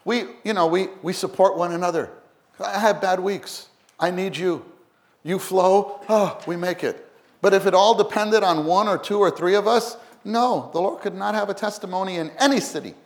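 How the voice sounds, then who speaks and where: A male preacher delivering a sermon in a slightly high voice. He swings between loud, rising passages and hushed, low ones, and acts out little quoted voices along the way. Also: normal speed.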